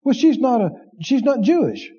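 High husky preacher guy, lively up and down delivery, kinda muffled lo-fi recording. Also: moderate pace. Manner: animated, acts out inner voices, laughs while preaching. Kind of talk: sermon.

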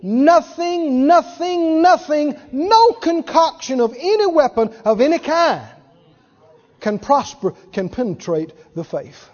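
Male preacher, high and animated, deliberate pace, emphatic repetition; dull sound with long hall reverb. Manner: emphatic, repeats for effect, laughs between points. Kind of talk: sermon.

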